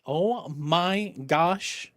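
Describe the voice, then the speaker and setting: Middle-aged guy streaming, kinda high voice, dry close sound, restarts a lot, gets loud greeting people. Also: drawn-out words, no room sound. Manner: animated, thinks aloud with many restarts; greets viewers with loud excitement. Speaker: charity streamer. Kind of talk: casual livestream chat.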